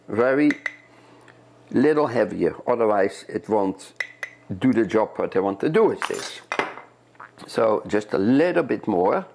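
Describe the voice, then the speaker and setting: Gravelly chef from Europe demonstrating. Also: male voice, medium pitch, a little mellow, a little hiss or hum. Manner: chatty, step-by-step instruction, repeats words. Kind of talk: cooking demonstration. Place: kitchen.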